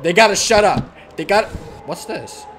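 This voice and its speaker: A man's voice: sits high, lively intonation, normal speed, slight background noise. A young man streaming a horror game, talking in slang, swearing and crying out at every scare. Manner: jumpy, loud outbursts, swearing slang. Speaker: gaming channel host.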